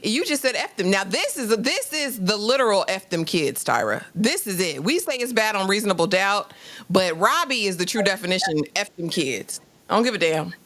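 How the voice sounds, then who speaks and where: A woman's voice: mid-range voice, very animated, fairly quick, a bit bright. A woman co-hosting a casual TV review chat, blunt and emphatic, scolding a character. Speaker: co-host of a TV review show.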